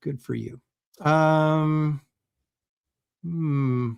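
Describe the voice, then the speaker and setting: A man's voice: fairly high pitch, very slow, vocal fry, clear, resonant tone. A middle-aged man hosting a casual livestream, talking loosely with plenty of ums and uhs. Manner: chatty, loose, lots of fillers. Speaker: host.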